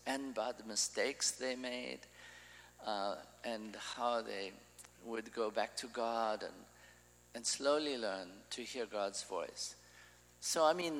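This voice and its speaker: A man's voice: medium pitch, a bit bright, in a large hall, rough recording. A man preaching an informal sermon, talking in a loose, conversational way and often restarting his sentences.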